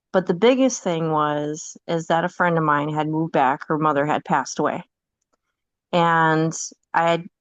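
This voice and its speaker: Casting: lower-voiced woman, candid chatty storyteller, dull dry mic. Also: a bit bright, dry recording. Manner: candid storytelling, laughs often. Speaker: podcast guest. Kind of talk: casual chat.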